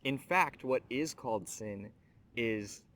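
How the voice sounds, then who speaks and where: A man presenting a scripture teaching show reflects earnestly and talks right to his listener. His mid-range voice is a bit bright, and he takes things slowly.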